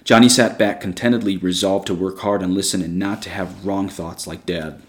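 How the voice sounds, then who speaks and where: A man with a fairly low voice reads a story aloud. His narration is measured and even, with a steady storytelling pace. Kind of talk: storybook reading.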